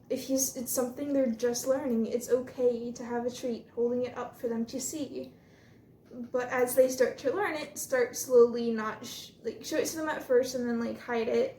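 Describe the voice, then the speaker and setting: A young woman talks casually through training her service dog at home, reassuring viewers. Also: a little high. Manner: chatty and reassuring, with soft praise for the dog. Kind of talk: casual vlog narration. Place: home room with a couch. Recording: echoey room, faint noise.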